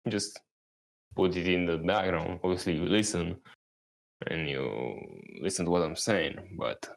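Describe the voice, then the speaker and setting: A man's voice: sits low, vocal fry. A young man rambling casually as a vlogger, laid-back and meandering, swearing now and then. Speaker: YouTuber. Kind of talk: rambling casual vlog talk.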